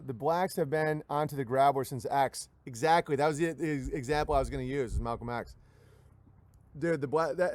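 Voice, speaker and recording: Male livestream host, fairly high voice, dry close mic, sardonic rambling rants, jumps into mock voices. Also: no room sound. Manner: sardonic, acts out quoted voices mid-sentence. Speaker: livestream show host reading viewer messages. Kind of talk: rambling comedic rant.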